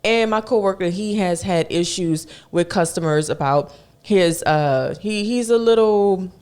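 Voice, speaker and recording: A man's voice: high voice, unhurried, smooth. A young man hosting a podcast, telling a work story in a casual, chatty way and acting out the people in it. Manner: animated, acts out the people in his stories; colloquial, chatty. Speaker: podcast host.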